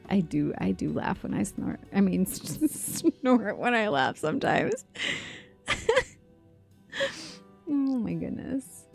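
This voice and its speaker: Giggly, gravelly woman streamer. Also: medium pitch, very animated, slow pace, pauses often, darkish tone, soft background music. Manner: giggly, self-deprecating chatter. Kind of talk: casual gaming livestream commentary.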